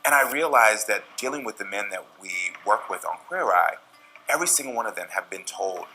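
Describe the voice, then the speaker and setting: Bright-voiced man telling an earnest story. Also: lowish voice, animated, fairly quick, slight background noise, low-quality recording. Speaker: TV show cast member. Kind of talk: candid personal story in an interview.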